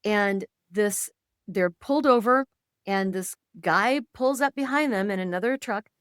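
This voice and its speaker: A woman guest on a podcast, telling stories in an animated way and slipping into quoted voices. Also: medium pitch, unhurried, clean tone, dry recording, clean studio sound. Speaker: podcast guest, intuitive and author. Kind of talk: conversational storytelling.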